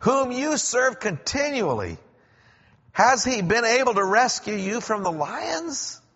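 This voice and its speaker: A preacher acting out an anguished ancient king who cries out in a strained, much higher and louder voice. The sound is echoey and dull, as if carried through a large hall on a lo-fi recording. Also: sing-song, slow, breathy edge, full character voice. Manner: anguished, calling out.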